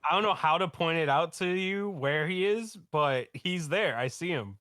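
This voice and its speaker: A man co-hosting a podcast, reacting with excited, profanity-laced remarks in casual chat. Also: a little high, normal speed, dry recording, clean studio sound. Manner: excitable, swears a lot in reactions. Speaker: podcast co-host.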